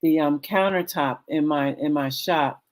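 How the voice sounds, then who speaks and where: Candid guest: middle-aged woman, low voice, earnest, filler-heavy. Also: unhurried. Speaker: guest, cancer survivor. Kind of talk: candid talk-show conversation.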